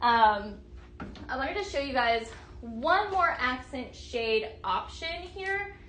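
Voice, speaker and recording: A woman's voice: high-pitched, animated, slow, fairly bright tone. A woman hosting a live product stream, chatting casually and gushing over items with lots of fillers and replies to viewer comments. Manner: bubbly, gushing, many fillers, reads comments aloud. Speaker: livestream product host. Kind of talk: casual live-selling chat.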